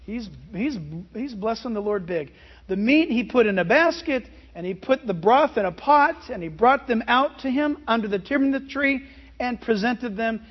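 A husky, unusually high-voiced pastor preaches at a moderate pace, leaning on rhetorical questions with emphatic, animated energy. The recording quality is dull and lo-fi.

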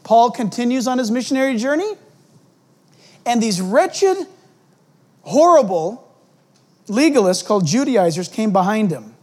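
A man's voice: extremely high pitch, sing-song, measured pace, pauses often, darkish tone. A male pastor preaching an expository sermon, emphatic and full of rhetorical questions.

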